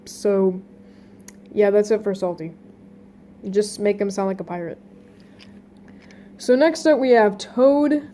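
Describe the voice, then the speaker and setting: A woman's voice: medium pitch, takes it slowly, pauses often, mellow, slight background noise. A young woman hosting a casting call for voice roles, talking casually and rambling with many fillers and restarts. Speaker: channel host running a casting call.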